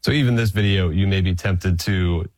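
A man's voice: sits low, normal speed, darkish tone, no echo. A man co-hosting a casual faith talk, playful and teasing between his serious points. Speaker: podcast co-host.

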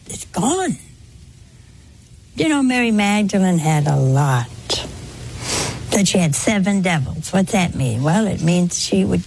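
Slow, low-voiced woman preaching. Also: darkish tone, a little hiss or hum. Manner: folksy, asks rhetorical questions, tells anecdotes. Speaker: religious speaker. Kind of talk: spoken sermon to a congregation.

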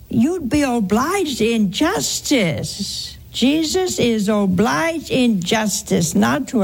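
Host for a faith call-in show: a woman with a husky voice, slow and deliberate, emphatic and earnest. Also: on the high side. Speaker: host answering a caller. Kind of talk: religious call-in teaching.

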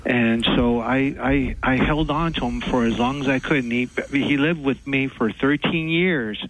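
A man calling in to a radio show, telling a story in a halting way with many pauses and fillers. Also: medium pitch, background noise. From Texas. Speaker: caller. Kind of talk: call-in radio chat.

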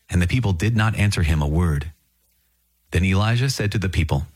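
A man reading scripture aloud in a measured, solemn way. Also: low voice, lively intonation, darkish tone, husky, no echo. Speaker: scripture reader.

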